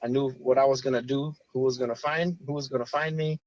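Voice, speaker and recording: Earnest man in his forties, halting delivery. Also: medium pitch, steady tone, a little mellow, dry recording, rough recording. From Chicago area. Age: 40s. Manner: earnest, halting, many restarts. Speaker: podcast guest, former police officer. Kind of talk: personal story, casual talk.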